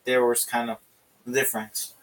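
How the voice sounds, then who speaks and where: A man co-hosting a podcast who chats casually about a movie, halting and full of fillers. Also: medium pitch, flat delivery, fairly bright tone, distant mic, rough recording. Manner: halting, filler-heavy, interjecting. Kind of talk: casual movie review chat.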